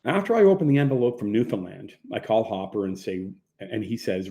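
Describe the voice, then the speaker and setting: A man narrating his own memoir as an audiobook in a plain, low-key manner. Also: sing-song, a little fast, mellow. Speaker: author reading his own book.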